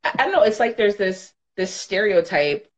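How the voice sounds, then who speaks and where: A woman's voice: mid-range voice, expressive, normal speed. A woman in her thirties co-hosting a podcast, talking frankly and emphatically, swearing freely in casual chat. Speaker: podcast co-host.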